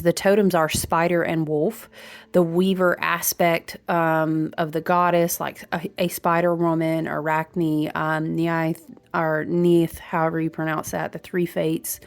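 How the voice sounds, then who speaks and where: A woman with a slightly low voice gives a casual oracle card reading. She chats freely with her viewers and calls them "y'all". Her talk is full of filler words and side comments. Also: steady tone, a little slow. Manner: chatty, addresses viewers as "y'all", with frequent fillers.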